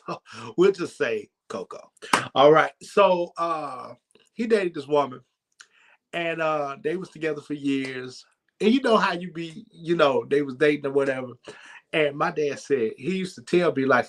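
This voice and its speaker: A man hosting a church comedy night, telling a story in a lively, laughing way. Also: mid-range voice. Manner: animated, laughs while telling. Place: church sanctuary.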